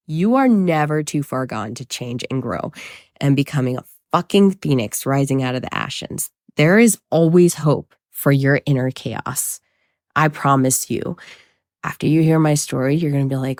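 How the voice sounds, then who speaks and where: Low-voiced candid woman podcaster. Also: no echo, clean studio sound. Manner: candid, profane, self-mocking. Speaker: podcast host, trauma coach. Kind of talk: casual confessional monologue.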